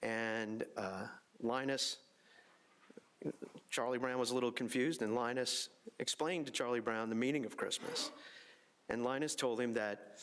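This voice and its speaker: A man chairs a public meeting. He recites a passage of scripture in a measured, solemn way. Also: medium pitch, fairly even intonation, a bit bright.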